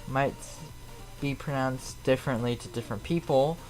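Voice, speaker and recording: A man's voice: mid-range voice, moderate pace, darkish tone, faint music behind, rough recording. A man with a Chicago accent, chatting casually on a live flight-sim stream and answering viewers in a rambling, slightly defensive way. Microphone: streaming mic.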